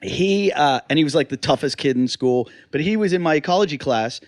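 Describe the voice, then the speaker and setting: A man's voice: on the high side, lively intonation, brisk. A man in casual podcast chat, laid-back and profane, often chuckling through his stories. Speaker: podcast co-host.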